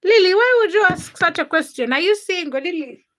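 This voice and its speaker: A woman's voice: extremely high pitch, lively intonation, a little fast, a bit bright. A young woman hosting a casual livestream, chatting with viewers and reading their comments aloud while she cooks. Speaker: livestream host.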